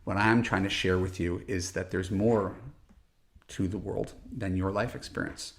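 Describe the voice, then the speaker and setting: A man's voice: low voice, steady tone, unhurried. A middle-aged man, a dating coach, hosting a solo podcast, talking earnestly and emphatically, often restarting and tagging "right?". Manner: rhetorical "right?" tag questions.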